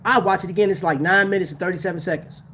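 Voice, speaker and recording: Man, high voice, slangy, laid-back livestream chat, laughs a lot, faint background noise. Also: very fast, pushed and bright. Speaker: watch channel host.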